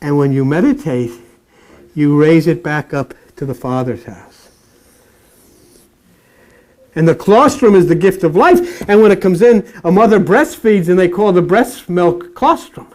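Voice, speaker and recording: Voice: mid-range voice, lively intonation, unhurried, long pauses, darkish tone. Blunt, impassioned preacher with earthy slang. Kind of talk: impassioned sermon.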